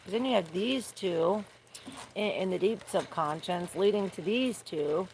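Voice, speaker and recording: A woman's voice: on the low side, measured pace, a little mellow. A woman doing a casual, rambling tarot reading outdoors in the rain. She searches for words and swears casually. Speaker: tarot reader. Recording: noisy outdoor recording with rain.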